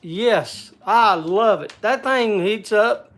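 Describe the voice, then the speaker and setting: A man's voice: high-pitched, takes it slowly, fairly bright tone. A man hosting a casual livestream from a log cabin, chatting and greeting viewers by name. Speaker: livestream host.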